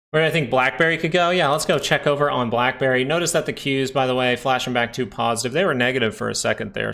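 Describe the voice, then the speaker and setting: Male live-stream market host, gravelly, mid-pitched, relaxed chatty explainer who answers chat. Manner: chatty, explains while reading viewer chat; frequent tag questions like "right?". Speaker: stock market livestream host. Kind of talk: casual live chart analysis.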